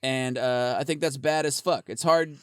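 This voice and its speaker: Rambling, laughing podcast host. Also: male voice, mid-range voice, normal speed, clear, resonant tone, no room sound, studio quality. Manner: rambling, swearing, laughing often. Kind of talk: casual podcast chat.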